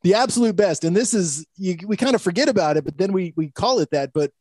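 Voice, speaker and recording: A man's voice: sits high, lively intonation, fast talker, a little mellow, no echo. A man co-hosting a casual podcast chat, enthusiastic and chuckling as he recalls favorite scenes. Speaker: podcast co-host.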